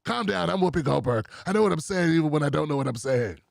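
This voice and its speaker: A man's voice: fairly high pitch, expressive, quick pace, vocal fry, no echo, clean studio sound, voice pushed down. A man putting on a flustered older woman TV host who rambles and repeats herself defensively. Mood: smug.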